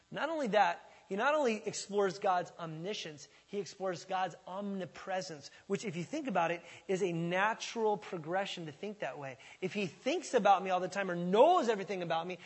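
A male pastor preaching with a husky, fairly high voice. He talks conversationally, moving from loud emphatic bursts to hushed asides. The sound carries the long reverb of a large church hall. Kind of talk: sermon.

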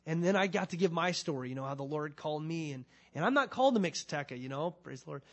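A middle-aged male pastor with a somewhat high-pitched voice delivers a sermon. He moves from prayer to scripture reading to personal storytelling. His tone is earnest and conversational, swelling into emphatic bursts. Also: animated, quick pace.

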